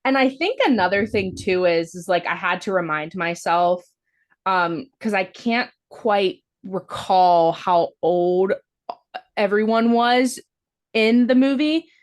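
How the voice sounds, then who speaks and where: A woman co-hosting a podcast walks through a movie's plot in loose, everyday talk. She rambles and peppers her sentences with "like," with a swear word slipping in here and there. Her voice sits at a medium pitch for a woman. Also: slow. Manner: rambling, with lots of "like" fillers and casual swearing. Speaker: podcast co-host. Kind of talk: casual movie-review chat.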